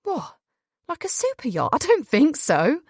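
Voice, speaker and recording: A woman's voice: high voice, huge pitch swings, unhurried, a little mellow, no room sound, clean studio sound, voice pushed up, heavily acted. A woman voicing a wry, teasing young woman on holiday, in an audiobook.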